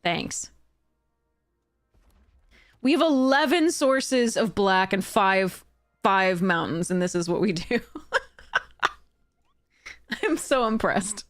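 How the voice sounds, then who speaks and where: A young woman commentating her own card game matches, swearing and laughing in frustration, swinging from exasperated outbursts to flat mutters. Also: medium pitch, slow pace, long pauses, faint music behind. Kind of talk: casual gameplay commentary.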